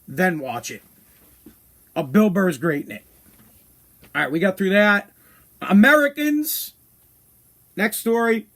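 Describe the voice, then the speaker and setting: A man's voice: sits high, animated, takes it slowly, long pauses, a bit bright. A man hosting a podcast, giving a blunt, profane opinion rant. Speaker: podcast host. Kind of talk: casual opinion monologue.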